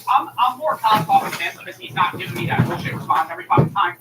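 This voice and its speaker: A man's voice: high voice, fast, few pauses. A man streamer in a casual, heated rant, swearing and acting out both sides of a phone call. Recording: echoey room mic from a distance with noise.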